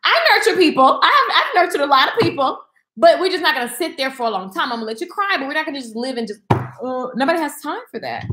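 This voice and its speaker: A woman's voice: high voice, sing-song, quick pace, bright, forceful tone. A woman hosting a casual live-stream chat, blunt and sassy, talking in a no-nonsense way. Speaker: host of a live video chat. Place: indoors at home. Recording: echoey room.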